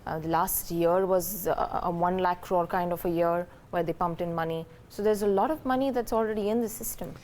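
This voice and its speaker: A woman with an Indian English accent anchoring a live business news show, talking briskly and conversationally with light fillers. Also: lowish voice, fairly even intonation, darkish tone, a little hiss or hum. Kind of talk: live market news presenting.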